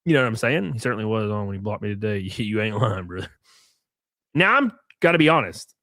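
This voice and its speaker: A man's voice: lowish voice, very animated, a little fast, fairly bright tone, no room sound, studio quality. A young man hosting a casual live stream, mocking and sarcastic, swearing freely and thanking viewers for gifted subs.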